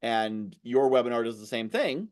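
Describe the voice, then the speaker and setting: A man hosting a podcast interview, chatting casually and acting out pushy sales pitches in exaggerated voices. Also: animated, moderate pace, a little mellow. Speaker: podcast host.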